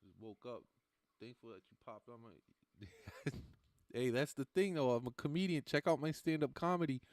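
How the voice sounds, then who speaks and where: A man's voice: mid-range voice, animated, normal speed, darkish tone, no echo. A man who does stand-up comedy, chatting casually with viewers on a livestream in a loose, rambling, profane way and often laughing at his own lines.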